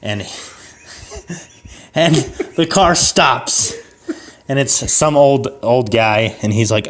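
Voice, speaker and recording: A man's voice: mid-range voice, expressive, extremely slow, pauses often, a bit bright. A young man improvising a comic story on a podcast, rambling and laughing as he acts out the characters. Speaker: podcast co-host.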